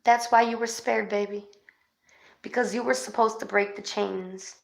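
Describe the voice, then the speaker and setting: A woman doing a casual livestream spirit session as a psychic reader, chatty and excitable, calling her viewers babes. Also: mid-range voice, moderate pace, gravelly. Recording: echoey room.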